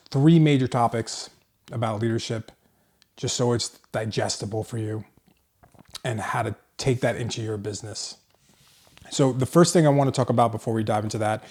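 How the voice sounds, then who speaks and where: A man's voice: mid-range voice, warm tone. A man hosting his own podcast, speaking casually and earnestly about leadership, with the odd swear word. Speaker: podcast host, clinic owner. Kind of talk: casual solo podcast monologue.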